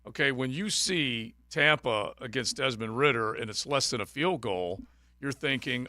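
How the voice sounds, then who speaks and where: A man hosts a sports radio show, rambling through his betting losses with self-mocking humor in casual banter. His medium-pitched voice has a sharp tone and a moderate pace. It's a dry recording made in a radio studio on a studio microphone.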